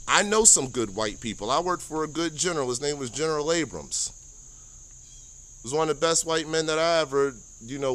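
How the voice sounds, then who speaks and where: A man's voice: a little high, a bit bright. A man from the United States, an army veteran with an American accent, speaking in an earnest, impassioned monologue while standing, repeating himself and stumbling over words. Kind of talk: impassioned personal monologue to camera.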